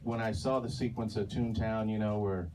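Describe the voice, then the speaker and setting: A man animator telling stories on a panel in a lively way, laughing as he talks. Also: fairly low pitch, normal speed, a crowd in the background. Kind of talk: panel reminiscence. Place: panel talk before an audience. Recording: distant mic with clear background noise.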